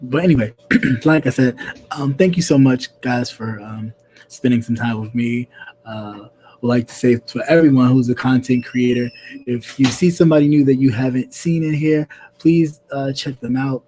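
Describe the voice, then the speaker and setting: A man from New York hosting a casual chat stream, rambling with lots of fillers and frequent throat-clearing. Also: medium pitch, fairly even intonation, moderate pace, mellow, a little hiss or hum. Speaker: host.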